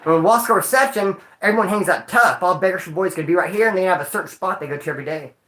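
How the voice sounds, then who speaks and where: Brief: bright-voiced man spinning slangy, cussing stories, roomy echo. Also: sits high, racing. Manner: animated, slangy and profane, acting out quotes. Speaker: storyteller recounting prison life. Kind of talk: casual storytelling monologue.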